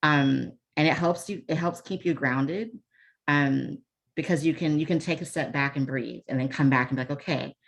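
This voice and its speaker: Over a video call, a woman with a strikingly low, creaky voice presents a leadership webinar at a normal speed. Her casual online workshop talk is chatty, full of ums and restarts, and dotted with self-deprecating asides.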